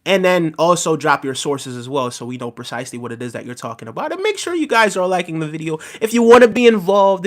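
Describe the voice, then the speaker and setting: A man casually chatting on a live stream about politics, mocking and talking straight to his viewers' messages. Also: fairly high pitch. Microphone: desk microphone.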